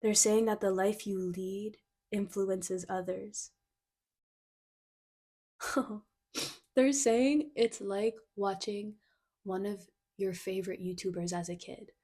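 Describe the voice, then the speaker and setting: A young woman doing a casual intuitive card reading, excitable and giggly, gushing and a bit flustered, full of "like" fillers. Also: mid-range voice, takes it slowly, long pauses, slightly rough. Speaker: tarot card reader.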